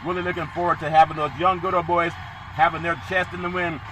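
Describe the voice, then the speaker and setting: A man hosting a sports podcast, previewing college football games with excitable, emphatic bursts. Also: on the high side, brisk, background noise.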